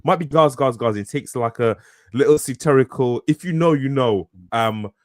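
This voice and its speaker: A man's voice: medium pitch, normal speed, no room sound, clean studio sound. A man co-hosting an author podcast, casual and joking with frequent swearing and rambling asides. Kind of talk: casual chat.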